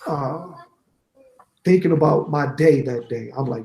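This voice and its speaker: A man being interviewed, telling a candid, animated story about his own setbacks and quoting others as he goes. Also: on the high side, unhurried, vocal fry, echoey room, low-quality recording. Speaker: guest, certified network engineer.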